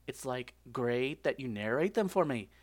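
A man's voice: mid-range voice, lively intonation, moderate pace, voice pushed down, lightly acted. Guy doing a chill surfer dude voice, drawly, lots of like and dude. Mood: mellow. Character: laid-back young male surfer dude.

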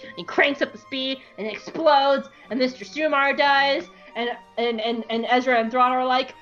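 High-voiced woman recapping with irreverent humor. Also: lo-fi sound, soft background music. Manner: irreverent, swears often, voices characters in quick asides. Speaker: podcast co-host. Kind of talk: comedic episode recap.

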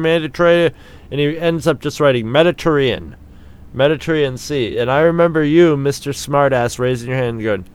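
A man's voice: a little high, clear, resonant tone. A middle-aged man trading school stories as a podcast co-host, laughing often and mimicking a ranting teacher. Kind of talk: casual storytelling chat.

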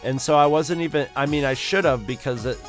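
A man's voice: fairly high pitch, fairly quick, music in the background. A man co-hosting a podcast, chatting casually in a joking, crude way with lots of restarts. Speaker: podcast co-host. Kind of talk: casual chat.

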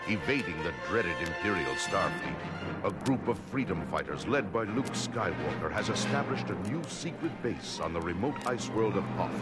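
Deep-voiced male narrator, grave, measured, over loud orchestral music. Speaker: narrator of an archived film soundtrack record. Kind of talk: dramatic scripted narration.

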